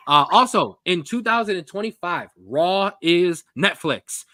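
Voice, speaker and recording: A young man co-hosting a sports podcast, talking in a rambling, jokey, animated way. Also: high voice, unhurried, no room sound, clean studio sound. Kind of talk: casual sports chat.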